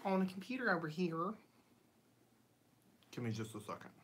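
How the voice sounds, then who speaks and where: A woman with a fairly low, very animated voice hosts a casual livestream from her home studio at a moderate pace, with a slight hiss or hum audible. As channel host she greets viewers by name, reads their comments aloud, and fills her chatty talk with ums and bright laughs.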